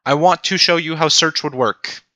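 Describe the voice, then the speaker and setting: Young man, teaching assistant, livestream coding lesson, very bright tone, dry sound. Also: on the high side, moderate pace, no echo. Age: young adult. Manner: animated, self-mocking, talks to chat. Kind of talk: livestreamed programming tutorial.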